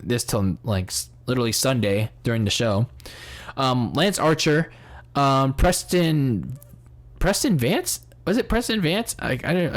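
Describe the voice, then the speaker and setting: A man hosting a casual podcast review, rambling with many restarts, swearing and laughing at his own jokes. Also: medium pitch. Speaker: podcast host. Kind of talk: casual wrestling review chat.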